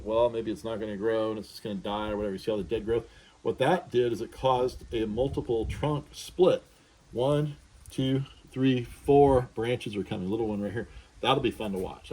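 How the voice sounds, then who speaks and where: A man's voice: mid-range voice, darkish tone. Chatty man walking through his plants. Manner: chatty and self-deprecating, thinking aloud with fillers. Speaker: plant grower showing his balcony mango trees. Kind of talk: casual walk-through vlog. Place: outdoors on a balcony.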